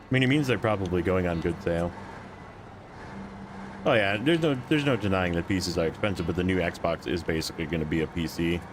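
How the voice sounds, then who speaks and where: A man's voice: low voice, a little fast, noisy background. A man streaming a game, chatting casually with viewers in a rambling, joking way full of fillers. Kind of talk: casual gameplay chat with chat.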